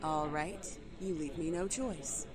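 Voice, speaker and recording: A woman's voice: low voice, slow, a crowd in the background. A woman playing a sarcastic, dramatic young female friend who teases and bargains. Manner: sarcastic and theatrical.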